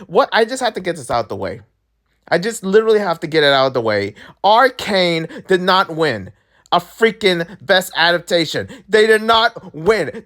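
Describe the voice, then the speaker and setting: A young man who makes gaming videos, talking straight to his viewers in a casual, excitable rant. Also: high voice. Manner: animated, excitable, talks to viewers directly. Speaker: gaming YouTuber.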